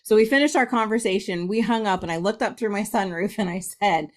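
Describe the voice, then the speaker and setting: A woman's voice: medium pitch, quick pace. A middle-aged woman from Ohio, a guest medium, telling a story in a casual interview, laughing often and acting out quotes.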